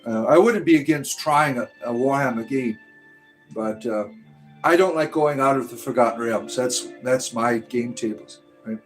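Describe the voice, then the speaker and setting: A man's voice: mid-range voice, moderate pace, soft background music. A man from the United States hosting a casual livestream, reading chat aloud and rambling with frequent "right?" tags.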